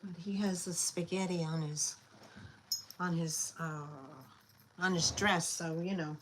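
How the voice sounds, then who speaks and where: A woman hosting a live online sale, chatty and scattered, often pausing with fillers as she shows each item. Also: fairly low pitch, steady tone, a little hiss or hum, poor audio. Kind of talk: casual live selling chat.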